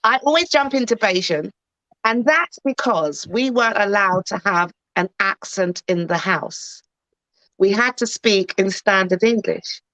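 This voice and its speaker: A woman's voice: mid-range voice, animated, measured pace, fairly bright tone, no echo, low-quality recording. Chatty, playful woman guest. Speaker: guest, actress. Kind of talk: casual chat.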